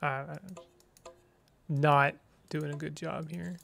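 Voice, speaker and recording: Slow-talking, playful, exasperated gaming streamer. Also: mid-range voice, little pitch movement, gravelly, a bit bright. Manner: playful and exasperated, with dramatic outbursts and silly words. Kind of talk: let's play commentary.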